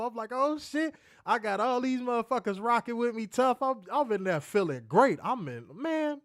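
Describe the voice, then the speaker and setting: A man's voice: high voice, a bit bright, dry recording, clean studio sound. A man hosting a podcast, telling a story in a loose, profane way and laughing often. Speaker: podcast host. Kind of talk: casual storytelling chat.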